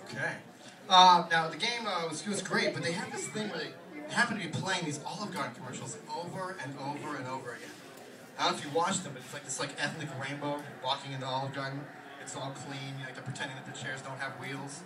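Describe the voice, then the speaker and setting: A man's voice: on the high side, steady tone, distant mic. A young man doing a rambling stand-up comedy set in a small pub, full of fillers. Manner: rapid rambling delivery with fillers. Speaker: stand-up comic. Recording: echoey bar room, mic from afar, loud crowd.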